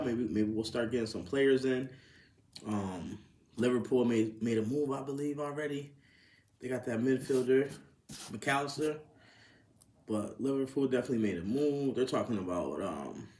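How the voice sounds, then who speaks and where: A man hosting a casual sports podcast, swearing freely and rising into incredulous outbursts. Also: mid-range voice. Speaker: podcast host. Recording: roomy echo.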